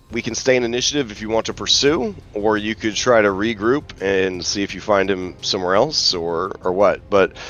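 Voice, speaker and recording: A man narrating as game master in a casual online tabletop session, relaxed and hesitant with many fillers. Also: on the low side, highs cut off.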